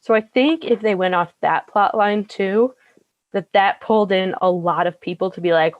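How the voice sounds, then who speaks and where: A young woman co-hosting a podcast, chatting casually and filling pauses with ums and likes. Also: mid-range voice, no echo, muffled recording. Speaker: podcast co-host. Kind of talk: casual chat.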